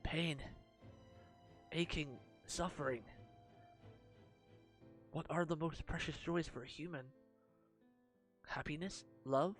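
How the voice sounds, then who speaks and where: Man reading as a dark girl goddess, solemn and cruel, somewhat high voice. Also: steady tone, slow, long pauses, soft background music.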